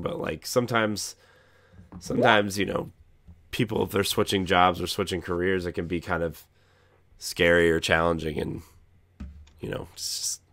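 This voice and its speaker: A hoarse man co-hosting a gaming podcast, joking and self-deprecating. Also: sits low, fairly bright tone, no echo. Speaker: podcast co-host. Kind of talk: casual chat.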